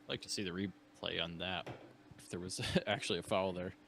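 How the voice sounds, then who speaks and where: A young man co-hosting a sports chat, relaxed and a bit hesitant, often restarting his sentences. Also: sits low, fairly quick, gravelly, slight background noise. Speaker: co-host.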